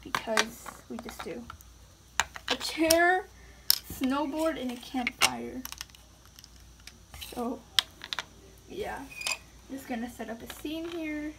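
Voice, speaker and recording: A young woman narrates her own toy film in a goofy, dramatic way. Her voice is high and she talks at an unhurried pace. Clear clicking noise sounds behind her. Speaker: toy video maker.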